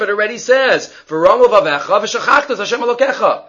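Male Torah teacher, high voice, animated, muffled recording. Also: brisk, hardly any pauses. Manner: animated, acts out story voices, mixes Hebrew terms. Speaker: Talmud teacher. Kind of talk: daily Torah class. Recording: dull lo-fi recording.

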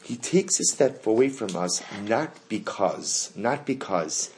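A man's voice: on the low side, sing-song, slow, darkish tone, slight background noise. A man teaching a Torah lesson to a class. He asks the students questions and repeats the key phrases.

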